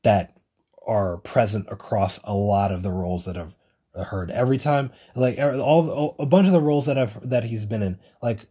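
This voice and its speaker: A man's voice: on the low side, normal speed, warm tone, husky. A man hosting a solo podcast, talking in a rambling casual way, swearing and correcting himself often. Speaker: podcast host.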